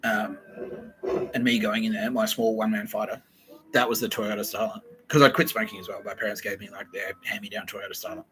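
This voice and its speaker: A man's voice: lowish voice, bright, forceful tone, slight background noise, poor audio. An Australian man hosting a podcast, telling a rambling comic story full of swearing and laughter. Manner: profane, laughing, digressive storytelling. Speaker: podcast host.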